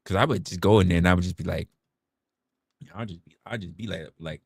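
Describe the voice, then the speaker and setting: A young man hosting a livestream, telling a story in a candid, profane, animated way. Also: deep voice, brisk, gravelly, pauses often, husky, dry recording, studio quality. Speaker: livestream host.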